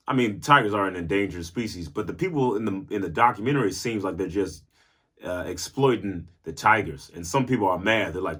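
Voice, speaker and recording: A young man with a fairly low voice rambles through a casual podcast from home. He talks animatedly and jokes around, sometimes breaking into bits of song. The sound comes from a phone mic. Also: a bit bright. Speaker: podcast host.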